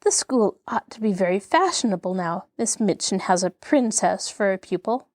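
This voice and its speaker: A spiteful older schoolgirl from a storybook sneers and mocks, her voice pitched up and sharp. A woman plays her as she reads aloud. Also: lively intonation, normal speed, dry recording, clean studio sound, close to an everyday voice. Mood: mocking. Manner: commanding, mocking.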